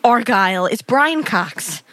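Woman co-host, a touch high, blunt and teasing, casual podcast banter. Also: expressive, fairly bright tone, a little hiss or hum. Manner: blunt, teasing, quick questions. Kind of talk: casual comedic chat.

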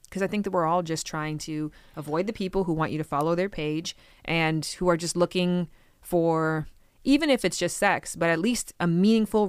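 A woman's voice: sits low, smooth, no echo. A woman guest on a casual podcast, talking about dating and acting out quotes with sudden jumps in her voice. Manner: animated, acts out quotes with big voice jumps.

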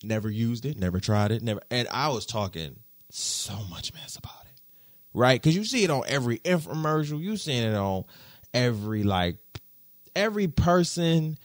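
A man hosting a podcast, telling stories in casual slang with big swings in pitch and loudness. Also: expressive, moderate pace, no room sound, clean studio sound. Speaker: podcast host.

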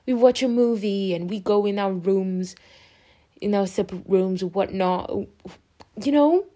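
A woman's voice: medium pitch, mellow. A young adult woman hosting a podcast, giving a candid, rambling personal update with many restarts and affectionate words for her listeners. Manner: openly emotional, affectionate toward listeners. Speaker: podcast host. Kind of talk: casual personal update monologue.

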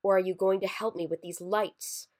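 A woman voicing a gangly, scaly male Christmas creature who talks in a raspy, brash and impatient way. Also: medium pitch, fairly even intonation, moderate pace, darkish tone, lightly acted.

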